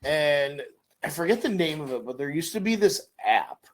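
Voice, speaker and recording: Co-hosting a laid-back podcast, a middle-aged man speaks at a moderate pace in a slightly high voice. He asks questions and tells animated stories, acting out different voices.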